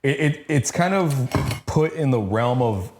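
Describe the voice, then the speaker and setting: A man co-hosting an album review podcast, talking in a relaxed, hesitant way and filling pauses with "uh.". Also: mid-range voice, slight background noise. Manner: relaxed, hesitant, lots of fillers. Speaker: podcast co-host. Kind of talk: casual album review chat.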